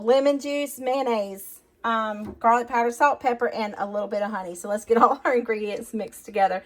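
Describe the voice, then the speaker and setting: A woman's voice: mid-range voice, normal speed, few pauses, a little hiss or hum. A woman hosting a casual cooking demonstration in her home kitchen, chatty and folksy, talking straight to her viewers. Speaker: cooking channel host. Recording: kitchen clatter of dishes and utensils.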